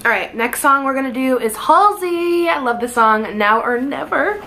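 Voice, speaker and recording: A woman's voice: high voice, expressive, normal speed, a little hiss or hum. A young woman vlogging casually, giggly and self-conscious, laughing often between remarks. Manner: sings loudly over music in headphones. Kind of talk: casual singing vlog.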